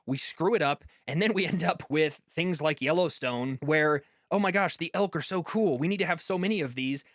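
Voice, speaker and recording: Man, slightly high voice, impassioned video-essay rant, mocking asides, dry close mic. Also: normal speed, dry recording. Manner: heated, exasperated ranting with mocking quoted voices. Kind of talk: impassioned commentary.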